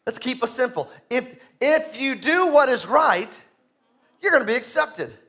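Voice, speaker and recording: A man preaching from the pulpit, his voice sitting unusually high for a man with a bright, ringing edge. He sinks into quiet, low asides, then climbs into shouted calls for the congregation to answer back. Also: expressive, a little slow. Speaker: pastor. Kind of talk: sermon.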